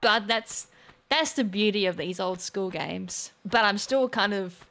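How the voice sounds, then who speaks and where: A woman runs a casual let's-play on her gaming channel, speaking a little slowly in a fairly bright, medium-pitched voice. She talks as she plays, muses aloud, jokes about her mistakes, and erupts in sudden exclamations.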